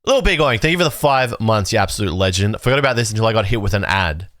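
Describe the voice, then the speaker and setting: A man runs his livestream in a loose, rambling chat, getting excitable and swearing freely. His pitch swings widely from line to line. The sound is dry and close, with no room around it. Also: quick pace, no echo. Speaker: livestream host. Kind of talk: casual chat reacting to chat.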